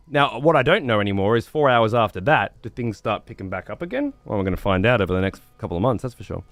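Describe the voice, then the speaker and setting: A man's voice: lowish voice, expressive, fairly quick, a bit bright, no room sound. A man livestreaming, chatting to viewers in a rambling, profane way and repeating words as he thinks. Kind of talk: casual chat to stream viewers.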